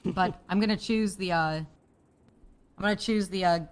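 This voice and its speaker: A woman's voice: mid-range voice, normal speed. Playful laughing woman player. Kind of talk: improvised role-play as a police officer.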